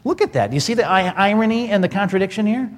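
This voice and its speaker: A man's voice: high voice, animated, quick pace, long reverb tail. A pastor giving a conversational sermon, asking rhetorical questions as he preaches.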